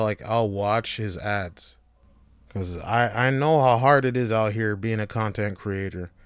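A man's voice: on the low side, smooth, no room sound. A laid-back young man hosting a casual solo podcast, rambling freely with frequent swearing and laughs. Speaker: podcast host.

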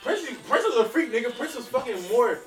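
A man co-hosting a podcast in casual chat, loud joking banter with bursts of laughter. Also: extremely high pitch, big pitch swings, fairly quick, distant mic, over music. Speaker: podcast co-host. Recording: roomy sound, mic set back.

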